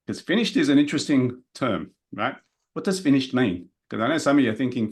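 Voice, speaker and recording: A man's voice: medium pitch, fast talker. Guy running a business workshop, punchy and direct, chatting to the crowd. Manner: energetic, direct, talks to the audience. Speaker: business coach presenting a workshop. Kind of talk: live seminar presentation.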